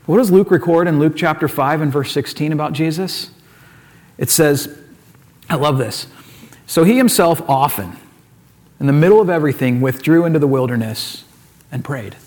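A male pastor preaching a sermon, retelling scripture stories in an animated, casual way and acting out the characters' lines. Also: a little high, moderate pace, long pauses.

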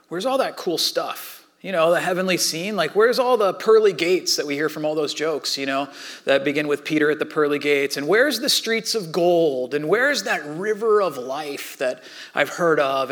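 A male pastor delivers a sermon in a relaxed, talkative way, moving from scripture reading into casual, lively explanation. His voice sits a little higher than most men's. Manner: conversational, animated preaching with playful asides.

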